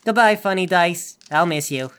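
A man's voice: sits high, moderate pace, a bit bright, clear, resonant tone. A man playing a tabletop game, goofy and playful in his banter. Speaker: player.

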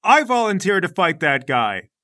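An eager young boy, bold and boastful, leaping up high with every brag, as a man puts him on for a tabletop game. The tone is bright and forward. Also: normal speed, dry recording, studio quality, full character voice. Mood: challenging. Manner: excited, boastful.

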